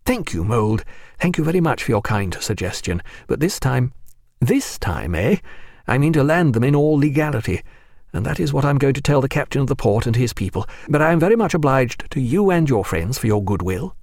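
A man voices a courteous gentleman who speaks in long, elaborately polite sentences. The lines rise and fall with feeling, and the recording is dry and close. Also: medium pitch, sing-song, brisk, no room sound. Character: courteous male ship's surgeon, gentleman.

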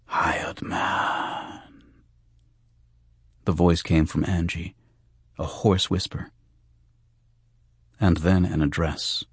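A man reading a novel aloud in measured, hushed scripted narration. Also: sits low, flat delivery, husky, dry recording. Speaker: audiobook narrator.

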